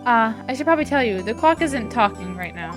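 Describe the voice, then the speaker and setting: A woman voicing a composed young woman lawyer who gently teases her younger sister, read aloud from a game. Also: on the high side, animated, brisk, over music, lightly acted. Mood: calm teasing.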